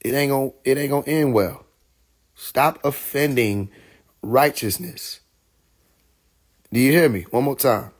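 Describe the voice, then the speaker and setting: A man's voice: medium pitch, fast talker, few pauses. A young adult man hosting a live stream, talking casually and animatedly, laughing often and mimicking others.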